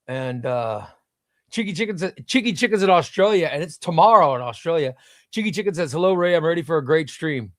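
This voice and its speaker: Midwestern man hosting a livestream, chatty, reads chat aloud, fairly high voice, dry close sound. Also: no echo. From United States. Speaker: livestream host. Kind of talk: casual live-stream chat.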